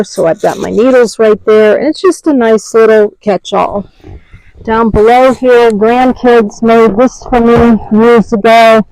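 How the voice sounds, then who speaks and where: A woman's voice: mid-range voice, mellow, dry recording, rough recording. An older woman giving a chatty, homey show-and-tell tour from inside her parked car, naming items one by one. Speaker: vlogger.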